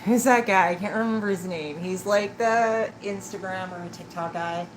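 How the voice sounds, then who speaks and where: A woman's voice: medium pitch, moderate pace. A woman doing a live-stream tarot reading, chatting and teasing with her viewers and laughing often. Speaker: tarot reader. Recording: clear background noise.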